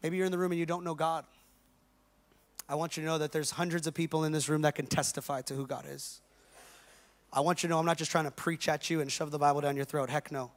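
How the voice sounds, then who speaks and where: A man's voice: fairly high pitch, little pitch movement, fast talker. A male pastor preaching a conversational, joking sermon in slangy everyday talk to a live congregation. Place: church service with a live congregation.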